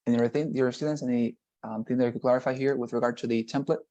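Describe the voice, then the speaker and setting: A man's voice: mid-range voice, fairly even intonation, rapid-fire, warm tone, highs cut off. A man teaching an online exam-prep class over a video call, explaining at length and checking in with the students. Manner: explanatory, repeats "nonetheless" and "right?".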